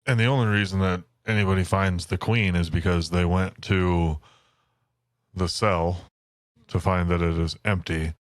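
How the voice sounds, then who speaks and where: A man's voice: deep voice, steady tone, unhurried, no echo. A man co-hosting a podcast, chatting about a book in a laid-back, blunt way and swearing casually. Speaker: podcast co-host.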